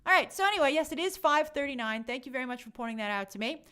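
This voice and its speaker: Young woman, live-stream host, chatty and animated, slightly high voice, reads chat comments. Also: racing, clean tone. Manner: chatty, animated, lots of fillers and quoted asides.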